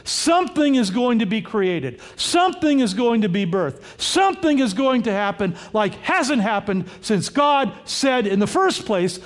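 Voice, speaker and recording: Male pastor, very high voice, emphatic verse-by-verse sermon delivery. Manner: explanatory, emphatic, rises to loud cries on quoted words. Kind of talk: sermon with running scripture commentary.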